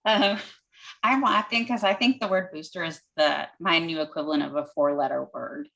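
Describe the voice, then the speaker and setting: A woman physician fielding audience questions in a somewhat low voice. She explains things step by step in plain, everyday terms. She pauses on an "um" as she works out her answer. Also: creaky, sharp tone, rough recording. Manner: thinks aloud with frequent "um".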